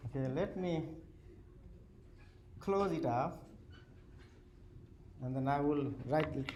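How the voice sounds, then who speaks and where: A male professor with a fairly high voice lectures a class in English, his second language. His sentences are simple and he keeps checking in with "okay?". Faint room noise sits behind him in the lecture hall. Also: a little slow, pauses often. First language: not English. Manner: non-native English with simple grammar, many "okay?" checks.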